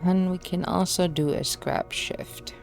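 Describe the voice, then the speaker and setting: A woman's voice: lowish voice, fairly even intonation, a little slow, vocal fry, faint music behind. A woman streaming a game, casual and self-deprecating, reading the story text aloud.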